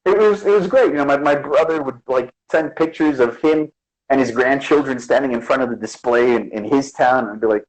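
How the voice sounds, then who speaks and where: Poor audio carries a mid-range male voice that runs a little fast. He's a guest artist from the Bronx, New York, speaking casually in an interview, animatedly telling stories and acting out quotes.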